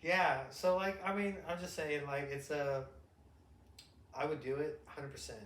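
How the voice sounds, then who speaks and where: Profane, animated middle-aged man in echoey room. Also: fairly high pitch, measured pace. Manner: profane, animated storytelling with shouted impressions. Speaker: podcast co-host, father. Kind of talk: casual chat.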